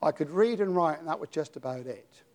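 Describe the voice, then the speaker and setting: An older British man preaching a sermon, dropping to a hush and then rising to dramatic shouts. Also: a little high, expressive, a little fast. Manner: dramatic, swings from hushed to shouting.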